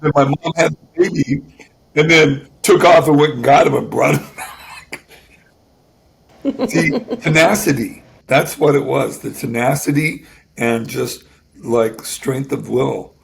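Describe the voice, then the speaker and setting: A man in his sixties tells a personal story as a guest, circling back and restarting his sentences. His voice is heavily gravelly with a lot of vocal fry. A faint hiss of noise sits under it. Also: mid-range voice. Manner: halting, with restarts and repeated words. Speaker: guest musician.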